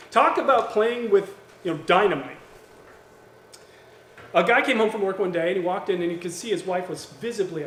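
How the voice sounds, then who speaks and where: Animated pastor, high voice, echoey hall. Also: male voice, a little hiss or hum. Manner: animated, acts out quoted voices with jokes. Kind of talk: sermon. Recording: echoey church hall with faint ambience.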